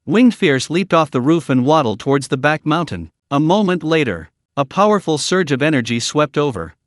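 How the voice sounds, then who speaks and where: A man's voice: on the high side, very animated, normal speed, dry recording, clean studio sound. A man narrating a fantasy story recap, reading all the parts in much the same voice.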